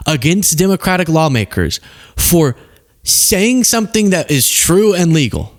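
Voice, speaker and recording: A man hosting a show of casual political commentary, talking in a sarcastic, emphatic way with quick asides. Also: fairly high pitch.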